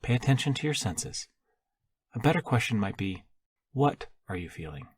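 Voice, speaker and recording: A man voicing a calm, patient spirit guide woman. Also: mid-range voice, normal speed, breathy edge, no room sound, pitched above the performer's own voice. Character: calm, cheerful female afterlife guide.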